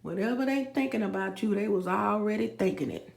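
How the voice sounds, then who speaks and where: In an echoey room, a woman vlogs in a casual monologue, speaking emphatically and directly to her viewers, whom she calls "y'all." She keeps repeating phrases and points. Her mid-range voice is a little fast, a little mellow, with vocal fry.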